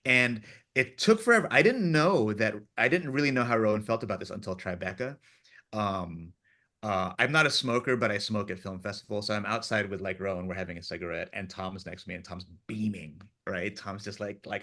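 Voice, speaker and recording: A man, a film director, chatting in an interview and telling animated stories from the set, acting out his crew's lines and laughing often. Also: fairly low pitch, quick pace. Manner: animated storyteller, acts out crew voices, laughs often. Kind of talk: casual interview chat.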